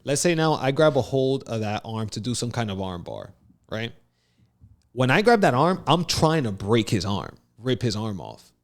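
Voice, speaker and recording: A man co-hosting a casual podcast, telling a story with lively acted-out quotes and frequent laughs. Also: mid-range voice, normal speed. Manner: animated storyteller, acts out quotes, laughs often. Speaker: podcast co-host.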